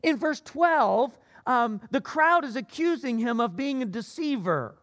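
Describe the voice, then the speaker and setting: High-voiced preaching man. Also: animated, unhurried. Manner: dynamic preaching, swings between loud emphatic cries and low asides. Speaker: pastor. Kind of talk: sermon.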